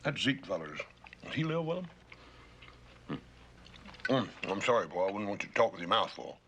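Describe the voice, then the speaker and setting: An actor playing a big-hearted ranch son with folksy country speech in a 1960s television western. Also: male voice, on the low side, very animated, brisk, a bit bright, slight background noise.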